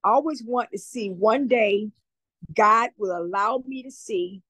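Woman, high voice, earnest, emotional, repetitive, dry studio sound. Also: measured pace, fairly bright tone, slightly rough, dry recording, low-quality recording. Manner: earnest, heartfelt, repeats herself. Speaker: community advocate guest. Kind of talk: emotional testimony in an interview.

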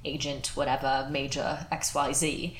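Imagine a stiff, officious British military investigator on a phone call, all formality and halting starts, as a young woman puts him on with a shaky accent. The voice sits low, and the room around it rings with echo. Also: flat delivery, a little hiss or hum. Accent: put-on British, poorly done. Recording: roomy echo.

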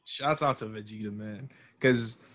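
A man's voice: lowish voice, measured pace, fairly bright tone. A young man in casual chat, bantering loosely with lots of slang and frequent laughter.

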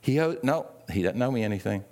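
Man, pastor, sermon, conversational, repeats words, mid pitch. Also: expressive, fast, a little mellow. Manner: conversational, repeats words, acts out quoted voices with rising pitch.

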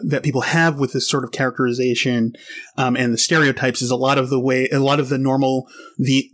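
Rambling man in a casual podcast chat. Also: medium pitch. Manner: rambling, many fillers and restarts.

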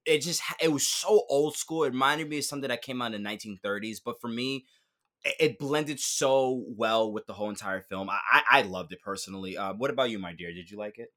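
Here a man co-hosts a podcast, keeping the chat loose, lively, and full of quick laughter. His pitch lands in the middle range.

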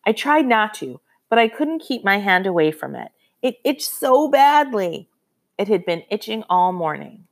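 A woman narrating a first-person storybook in an expressive, lively reading voice. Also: medium pitch, unhurried, creaky. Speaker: audiobook narrator.

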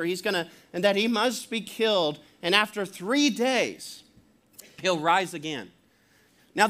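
A man's voice: high-pitched, pushed and bright. A man preaching a sermon as pastor in a conversational way, chuckling often and acting out quotes.

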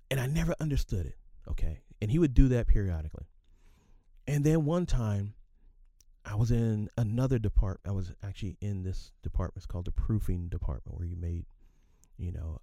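A man's voice: deep voice, dark tone, no room sound, studio quality. A man in his fifties telling a casual work story as a podcast host, chatty and often checking in with his listeners.

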